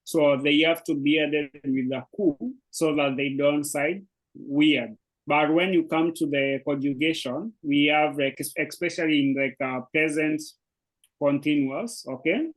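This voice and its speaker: A man's voice: a little high, steady tone, unhurried, low-quality recording. A man who speaks natively, teaching a language lesson in English with a hesitant manner full of fillers and restarts. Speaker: Swahili teacher. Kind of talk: explaining an online language lesson.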